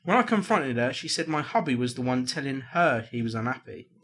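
A man's voice: medium pitch, lively intonation, brisk, a crowd in the background. A man co-hosting a casual podcast, reading out problem letters with a jokey, laughing delivery.

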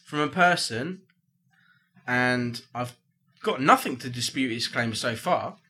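A man hosting a podcast, bantering loudly, laughing often and reading listener email aloud. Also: medium pitch, slow pace, slightly rough. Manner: giggly, excitable, reads listener email aloud. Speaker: podcast host. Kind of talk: rowdy casual banter.

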